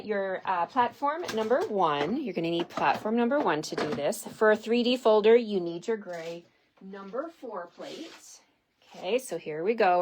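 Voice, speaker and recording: A woman's voice: lowish voice, slight background noise. A woman giving a casual, chatty card-stamping tutorial, talking to her viewers as she works. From Canada. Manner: chatty and giggly, talks to viewers while working. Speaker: stamping demonstrator.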